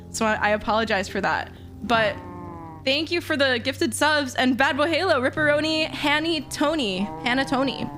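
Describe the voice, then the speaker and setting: A young woman streaming a game, talking emotionally and gushing thanks to her viewers with laughter. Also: on the high side. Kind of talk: live game stream chat. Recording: game music behind voice.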